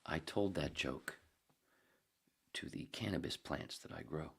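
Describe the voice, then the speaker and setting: Deep-voiced, swearing podcast host. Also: male voice, measured pace, creaky, fairly bright tone, husky. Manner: rambling, swearing, joke-telling, chuckling at himself. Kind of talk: casual rambling podcast monologue.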